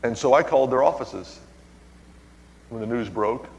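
The voice is mid-range and darkish, with vocal fry, a moderate pace and lo-fi sound. A pastor preaches a story-filled sermon, calling out to his congregation and exclaiming "hallelujah" between points. Long reverb from a large hall hangs on the recording.

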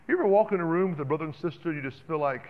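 Man, sermon, slightly high voice, animated and chatty with the congregation, dull recording with long hall reverb. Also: very fast. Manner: animated and conversational, calling to the congregation. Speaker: preacher.

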